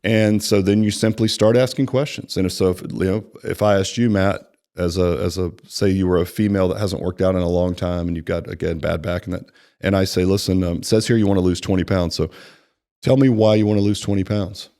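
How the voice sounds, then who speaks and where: Animated man coaching on sales. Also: low-pitched, a little fast. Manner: animated, acts out client dialogue, frequent "right?". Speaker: personal training franchise executive. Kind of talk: conversational sales training talk.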